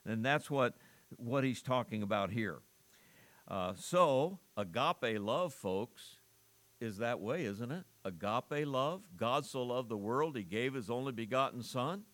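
A male pastor preaching an earnest sermon, asking the congregation rhetorical questions and often restarting his phrases. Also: mid-range voice.

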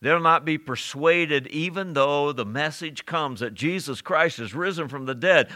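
A male pastor delivers a sermon in a bright, forceful voice. He preaches emphatically and keeps asking his listeners rhetorical questions. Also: fairly high pitch, measured pace, few pauses.

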